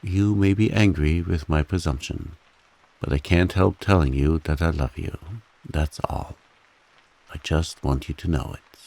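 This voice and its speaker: A man voicing a humble, devoted man earnestly and huskily pleading his love in a soft bedtime reading. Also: rumbling low, a little slow, gravelly, full character voice.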